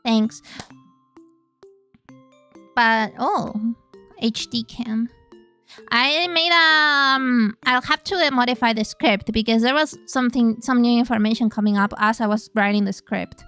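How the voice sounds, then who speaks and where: A woman's voice: a little high, unhurried, pauses often, fairly bright tone, clear, resonant tone, soft background music. A woman streamer who speaks natively, chatting casually and playfully on a live stream, swearing freely as she goes.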